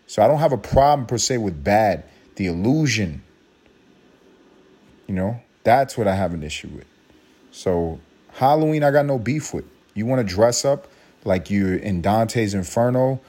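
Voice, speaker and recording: A man in his thirties hosting a casual solo podcast, rambling and profane, with sudden high mocking outbursts. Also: darkish tone. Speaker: podcast host.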